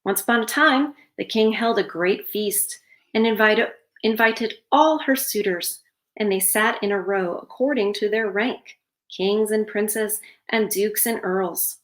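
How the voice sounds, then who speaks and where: Her mid-range voice is unhurried as she reads a fairytale aloud, pausing between passages for sarcastic comments. The recording has a roomy echo.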